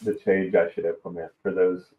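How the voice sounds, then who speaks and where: A man from the American South with a Southern accent, a podcast guest speaking in a measured, hesitant way with many pauses. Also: sits low, little pitch movement, recorded from a distance. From Alabama, US South. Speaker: guest, risk management executive. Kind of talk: casual podcast conversation. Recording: tinny phone-like line in an echoey room.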